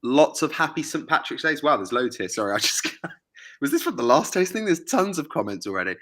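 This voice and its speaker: A man's voice: fairly high pitch, sing-song, a little fast, fairly bright tone. A man co-hosting a live whiskey tasting, upbeat as he reads out viewers' names and messages in casual chat. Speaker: co-host reading out viewer comments.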